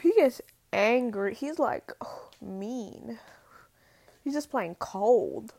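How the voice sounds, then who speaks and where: A woman's voice: fairly high pitch, sing-song, slow, vocal fry, darkish tone, no room sound. A teenage girl talking casually to the camera, slangy and full of "like", drawling and exasperated. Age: teens. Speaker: student vlogger.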